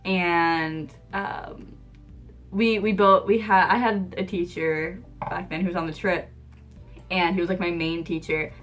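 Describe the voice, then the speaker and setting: A young adult woman telling a personal story in a casual vlog, animated, acting out the dialogue and laughing often. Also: fairly low pitch, unhurried, soft background music. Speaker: vlogger.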